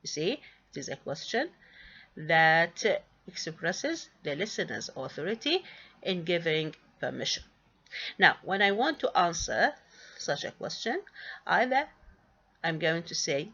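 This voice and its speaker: A woman's voice: fairly low pitch, big pitch swings, measured pace, a bit bright, husky, dull audio. A woman teaching an English grammar lesson, often asking a question and answering it herself, with frequent fillers. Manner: asks and answers her own questions, with many fillers.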